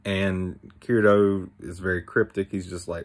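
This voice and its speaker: Low-voiced rambling young man. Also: level tone, normal speed, hardly any pauses. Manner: rambling, filler-heavy, hesitant restarts. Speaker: anime episode recapper. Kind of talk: casual spoken recap.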